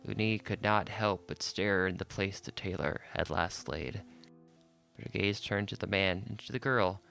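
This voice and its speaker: A man narrating an audiobook in a measured, unhurried storytelling manner. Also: deep voice, gravelly, bright, forceful tone, soft background music.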